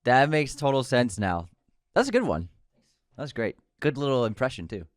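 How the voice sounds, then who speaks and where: A man's voice: mid-range voice, animated, normal speed, no room sound, clean studio sound. Easygoing man co-hosting a podcast. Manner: easygoing, exclaims when surprised. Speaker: podcast co-host. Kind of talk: casual chat.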